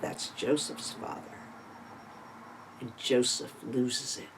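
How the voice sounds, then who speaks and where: A Torah teacher retelling a scripture story in a sermon, building drama with sudden swings in loudness and emphasis, and adding asides and rhetorical questions. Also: medium pitch, slow, pauses often, slight background noise, low-quality recording.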